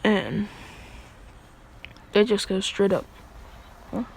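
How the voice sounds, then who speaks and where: A woman's voice: medium pitch, expressive, slow, creaky, a little mellow, slightly rough. A young woman casually retelling a fan story, rambling, profane and laughing between lines.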